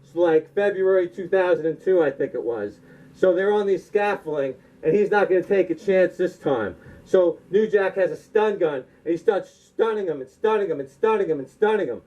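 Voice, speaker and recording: A man's voice: sits high, lively intonation, normal speed. A man telling a rambling comedic monologue, packed with "like" fillers, in a dull, lo-fi recording.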